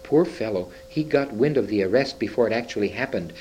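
A man voicing a timid, secretive male beaver in a hoarse, throaty whisper, read from a storybook. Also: fairly low pitch, lively intonation, a little fast, muffled recording, a little hiss or hum, lightly acted. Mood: hushed urgent. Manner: hushed and urgent. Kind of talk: reading a storybook aloud.

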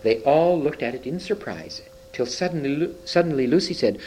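A man reading a children's story aloud, expressive, with occasional slips and restarts. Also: mid-range voice, moderate pace, hardly any pauses, slight background noise, rough recording. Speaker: reader.

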